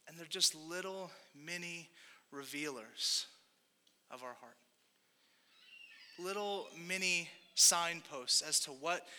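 A young man delivers a sermon in a relaxed, conversational style, throwing in asides to his listeners. His voice sits high and sounds very bright. A long hall reverb trails behind him. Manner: casual, conversational preaching with frequent asides. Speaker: pastor.

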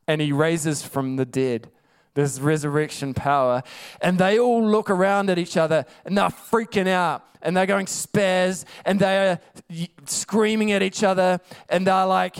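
Male preacher, clear resonant tone, emphatic conversational delivery. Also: on the high side, steady tone, a little slow. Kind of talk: sermon.

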